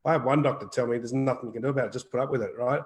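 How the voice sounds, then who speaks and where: Over rough audio, a man with a mid-range voice races through his words as co-host of a live wellbeing Q&A. He's earnest yet rambling, with repeated words and casual swearing.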